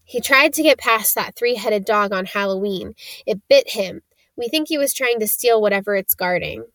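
A woman's voice: mid-range voice, normal speed, fairly bright tone, no echo, lightly acted. A woman voicing an earnest young schoolboy hero who confides something, in a storybook reading. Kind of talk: reading character dialogue in a storybook.

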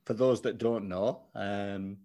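A man's voice: lowish voice, fairly even intonation, slow pace, dark tone. A man hosting a casual podcast interview over a video call, chatty and bantering with his guest. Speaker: podcast host.

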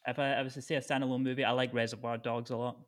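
A man's voice: mid-range voice, little pitch movement, very fast. A Scottish man, a stand-up comedian, answering interview questions in casual chat, with many fillers and restarts. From Scotland. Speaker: stand-up comedian, podcast guest.

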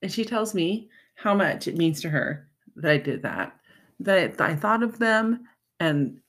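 Podcast host and coach, woman, casual storytelling, a bit low in pitch, lots of um and you know. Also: very animated, a little slow, fairly bright tone. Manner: chatty and heartfelt, with frequent fillers and laughs.

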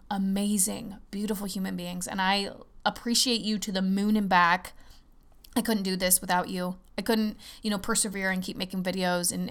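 Gravelly, excitable woman podcast host. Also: medium pitch. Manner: excitable, fast-talking, swears often. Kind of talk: casual solo podcast chat.

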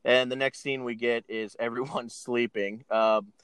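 A man's voice: medium pitch, steady tone, a little slow, a bit bright, smooth, no room sound. A man casually retelling a film scene by scene, laughing often and acting out the characters' lines. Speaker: podcast co-host recapping a film. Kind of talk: casual chat.

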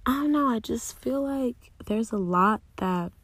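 A young woman speaking candidly and earnestly about her faith, thinking aloud with restarts and soft asides. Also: a little high, expressive, measured pace, dry recording. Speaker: Christian speaker sharing personal reflections. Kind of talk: candid personal reflection.

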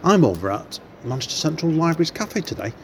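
A man's voice: fairly high pitch, big pitch swings, fast talker, gravelly, slight background noise. A man hosting a podcast, chatting casually and rambling with many fillers, recorded in a library café. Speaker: podcast host. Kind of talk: casual interview chat. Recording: busy café crowd behind. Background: café crowd chatter.

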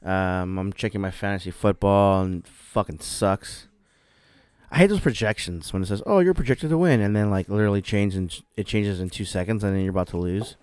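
A low-voiced man talks casually as a podcast co-host. He is relaxed, swears freely and laughs often. The sound is dry and close. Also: brisk, clean tone, no room sound. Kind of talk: casual chat.

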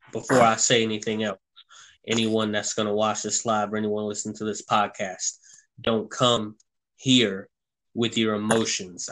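A man's voice: lowish voice, bright, forceful tone, low-quality recording. A man hosting a podcast, talking earnestly in long, rambling stretches full of restarts and asides. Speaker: podcast host. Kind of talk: casual opinion talk.

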